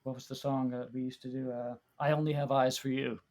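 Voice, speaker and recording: A man speaks fairly quickly in a level, mid-range voice as a podcast guest. He reminisces through casual chat, and his warm storytelling rambles with plenty of restarts and fillers.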